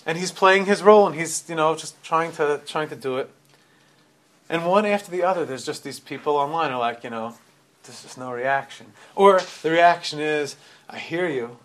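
A man's voice: fairly high pitch, normal speed, a bit bright. A middle-aged man giving a storytelling sermon, retelling events animatedly with frequent restarts and repeated words.

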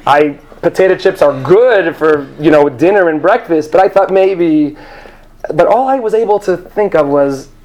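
High-voiced man telling a rambling story. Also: expressive, moderate pace, darkish tone. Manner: rambling, self-deprecating, jumps into high character voices. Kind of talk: live comic storytelling. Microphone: handheld microphone.

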